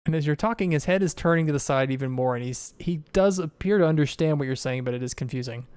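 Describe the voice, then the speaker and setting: A man acting as game master, narrating a tabletop game in a relaxed, descriptive way. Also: a little high, fast talker, clear, resonant tone, no room sound, clean studio sound.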